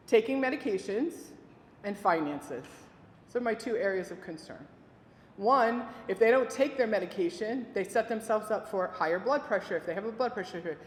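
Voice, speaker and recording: A woman teaching families about dementia care, giving a presentation and telling lively stories with quoted voices. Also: mid-range voice, slight background noise. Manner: lively storytelling with acted quotes. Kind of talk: presentation to an audience. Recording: echoey hall with faint ambience.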